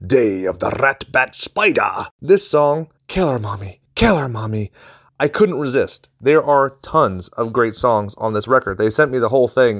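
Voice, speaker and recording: A nasal-voiced man with a mid-range voice hosts a podcast, rambling through a casual outro full of plugs, crude jokes and self-deprecation. The recording is clean studio sound with no room echo.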